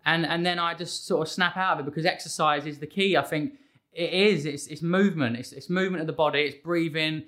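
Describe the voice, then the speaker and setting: A man with a bright, forceful voice and a slightly high pitch who rattles along at speed. He is a fitness trainer in a relaxed interview conversation, excitable and emphatic, and he tumbles from one thought into the next. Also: a little fast.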